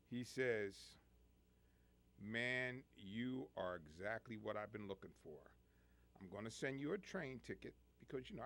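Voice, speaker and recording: A man hosting a call-in radio show, telling stories in an animated way and laughing often. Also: on the low side, vocal fry. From United States. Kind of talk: call-in radio chat, storytelling.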